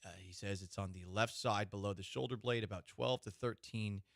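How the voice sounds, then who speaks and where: A man's voice: lowish voice, steady tone, a little fast, no room sound, studio quality. A man co-hosting a sports radio show, chatting casually and ranting animatedly about baseball.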